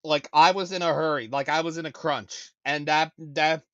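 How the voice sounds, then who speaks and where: A man's voice: on the high side, fairly even intonation, moderate pace, sharp tone, no room sound, dull audio. A man hosting a casual live-stream talk show, ranting and stammering as he repeats himself over and over. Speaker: show host.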